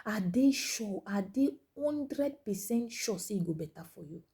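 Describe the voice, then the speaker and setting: A woman speaking Nigerian Pidgin in a motivational monologue, urging listeners with repeated phrases, rising to loud emphasis and dropping to hushed whispers. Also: medium pitch, lively intonation, a little slow, creaky, husky. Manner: exhorting, repetitive, swings between loud emphasis and hushed whispers.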